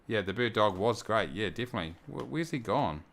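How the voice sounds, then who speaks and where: Low-voiced New man chatting on stream. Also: animated, brisk, vocal fry, fairly bright tone. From New Zealand. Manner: chatty, reads viewer messages aloud and thanks them. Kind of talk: casual livestream chat.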